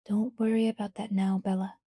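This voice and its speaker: A woman voicing a calm, teasing teenage vampire boy in a soft, hushed, near-whispered delivery. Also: mid-range voice, brisk, dry recording, studio quality, lightly acted. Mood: tender.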